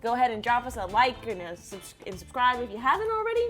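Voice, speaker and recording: Upbeat high-voiced woman vlog host. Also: big pitch swings, fairly bright tone, faint music behind. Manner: upbeat, giggly, quick sign-offs. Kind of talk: casual vlog chat.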